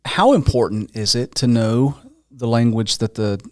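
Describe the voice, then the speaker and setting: A man hosting a podcast at an ordinary pitch works through loose, rambling questions, circling back and filling the gaps with ums and likes. His voice is close and dry, with no room around it. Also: a little slow, dry recording. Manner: casual, rambling questions with fillers. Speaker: podcast host. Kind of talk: conversational podcast interview.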